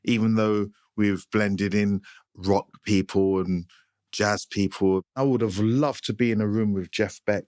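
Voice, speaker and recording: A man with a slightly low voice, telling stories in an easygoing, anecdotal way. He is recorded close and dry, with no room sound. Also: fairly even intonation, unhurried, darkish tone, no room sound. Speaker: guitarist, guest. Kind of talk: casual interview chat.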